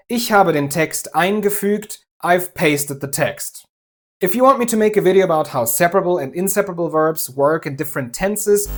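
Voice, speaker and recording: Methodical German man teaching grammar. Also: high voice. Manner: clear, methodical, lightly humorous. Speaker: language teacher. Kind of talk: scripted explanatory lesson.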